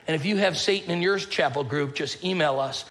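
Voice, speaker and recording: Male pastor, slightly high voice, casual joking sermon delivery. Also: a little fast, noisy background. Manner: conversational, joking storyteller with a casual drawl.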